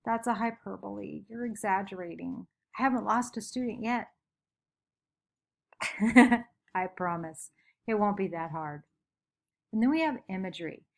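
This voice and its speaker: A woman's voice: medium pitch, a little slow, vocal fry, pauses often. A woman teacher giving a recorded lesson from home, chatty and upbeat, making playful sound effects.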